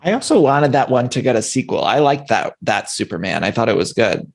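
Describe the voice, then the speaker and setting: A man's voice: mid-range voice, expressive, brisk, vocal fry. A man hosting a podcast interview, chatting casually and joking. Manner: playful, jokey asides. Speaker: podcast host.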